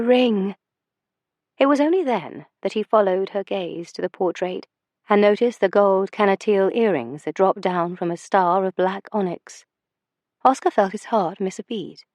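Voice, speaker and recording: A woman narrating a historical romance audiobook in a measured, expressive storytelling manner. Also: medium pitch, no room sound.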